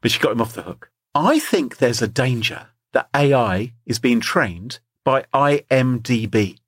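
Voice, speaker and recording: Husky-voiced Englishman joking around. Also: mid-range voice, animated, measured pace, no room sound, studio quality. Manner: joking, playful storytelling. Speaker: podcast co-host. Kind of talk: casual comedic chat.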